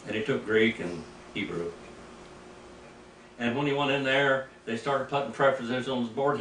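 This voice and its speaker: An older man, a preacher, teaching Greek in a rambling, anecdotal way, clearing his throat now and then. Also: mid-range voice, normal speed, long pauses, a bit bright. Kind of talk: informal teaching sermon. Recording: echoey room, mic at a distance, faint background noise.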